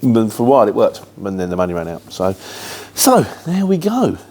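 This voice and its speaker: A man's voice: fairly low pitch, big pitch swings, brisk, darkish tone. Chatty middle-aged man with London twang. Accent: London-influenced Luton English. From England. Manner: chatty, rambling, matter-of-fact with filler words. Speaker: host answering viewer questions. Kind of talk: casual chat.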